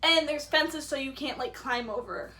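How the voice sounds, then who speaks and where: A young woman with a high, bright voice tells a story to her vlog audience. She chats casually, rambles, leans on "like" and acts out what people said. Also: moderate pace, a little hiss or hum. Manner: rambling, says "like" a lot, acts out quotes. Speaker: vlogger.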